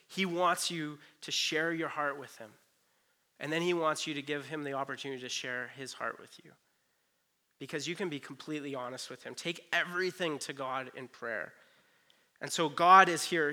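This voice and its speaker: A man's voice: fairly high pitch, bright, forceful tone. A man in his thirties preaching a sermon in an earnest, conversational way, with frequent "you know" asides. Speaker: pastor.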